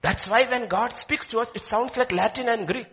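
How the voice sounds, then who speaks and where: A male pastor, preaching a sermon and swinging between loud declaiming and hushed pleading. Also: extremely high pitch, moderate pace, background noise.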